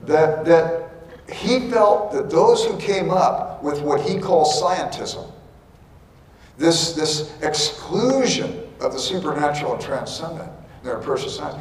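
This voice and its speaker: A man's voice: on the high side, darkish tone, a little hiss or hum. A middle-aged man giving a lecture with earnest explanation and wry asides. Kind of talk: lecture with anecdotes. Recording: echoey hall, speaker far from mic.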